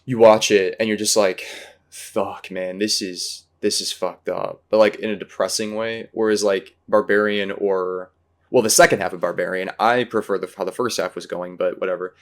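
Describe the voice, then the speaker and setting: Low-voiced guy chatting about a film, lots of likes and ums, trails off a lot. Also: steady tone, fairly quick. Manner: rambling, searching for words, many fillers. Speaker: podcast host. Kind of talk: casual movie discussion.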